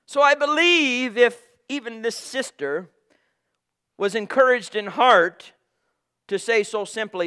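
A man preaching a fervent sermon, swinging between hushed tones and shouting, addressing listeners as brothers and sisters. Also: very high voice, takes it slowly, clean tone.

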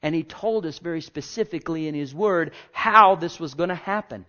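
Male pastor, fairly high voice, emphatic sermon delivery that swells and drops, lo-fi recording. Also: normal speed, few pauses. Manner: emphatic, swings between loud declarations and hushed asides, rhetorical questions. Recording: dull lo-fi recording.

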